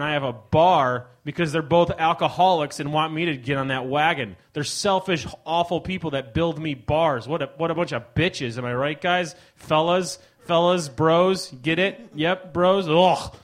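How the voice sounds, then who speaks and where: On a live ballroom stage, a man hosting a comedy show delivers a mock-outraged stand-up monologue in a voice on the high side. He swings between loud bursts and mumbled asides.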